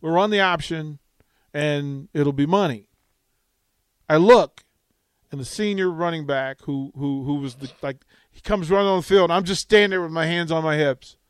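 A middle-aged man hosting a sports radio show, telling a story with lively acted-out quotes. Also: fairly high pitch, normal speed, clear, resonant tone, no room sound. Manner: animated storytelling, acts out quotes. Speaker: radio host.

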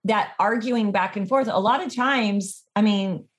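A woman's voice: mid-range voice, measured pace. Woman, podcast host, encouraging, reflective, casual conversation.

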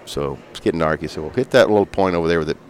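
Animated low-voiced male storyteller. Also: rapid-fire, slight background noise. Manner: animated storyteller with sound effects. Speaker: fishing guide and fly maker. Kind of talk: storytelling in a casual interview.

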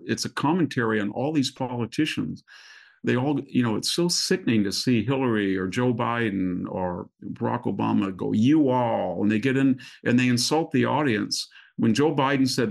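An older man, a guest commentator, telling stories in a political talk show conversation and quoting others in animated asides. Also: medium pitch, vocal fry.

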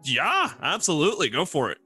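A man's voice: fairly high pitch, wildly swooping pitch, fairly quick, pushed and bright, faint music behind. A young man co-hosting a casual gaming podcast, upbeat and teasing, laughing often. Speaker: podcast co-host.

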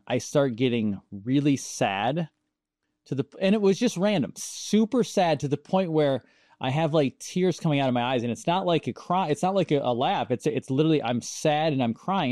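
A man hosting a conversation, telling stories in a casual, animated way and acting out the quoted voices. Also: fairly high pitch, no echo, clean studio sound. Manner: animated, acts out quoted dialogue, laughs often. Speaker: show host.

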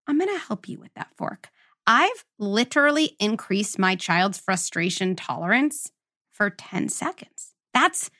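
In an interview conversation, a parenting psychologist hosting the show speaks with a fairly high pitch and a fairly bright tone. She lays out her ideas with emphasis, sprinkling in plenty of "like" and "right?"

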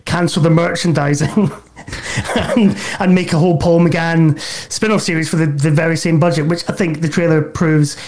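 Wry, hesitant panelist. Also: male voice, on the high side, fairly even intonation, moderate pace, a little mellow, slight background noise. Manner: hesitant starts, wry opinionated. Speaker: podcast panelist. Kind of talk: casual podcast chat.

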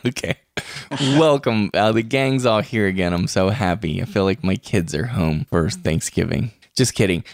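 A man's voice: lowish voice, normal speed, no echo, clean studio sound. A man hosting a podcast in casual chat, chatty and laughing often. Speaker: podcast host. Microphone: podcast microphone.

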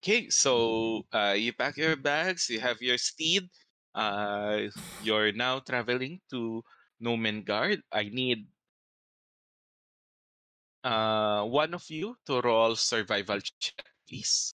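Game master, male, measured scene-setting narration, slow pace, dry close sound. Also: mid-range voice, sharp tone, clean tone, no room sound.

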